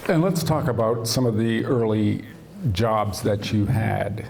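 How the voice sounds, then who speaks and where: Low gravelly male interviewer. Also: unhurried, a little mellow, a little hiss or hum. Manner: prompting, inviting questions. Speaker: interviewer, producer. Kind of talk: on-stage interview questions.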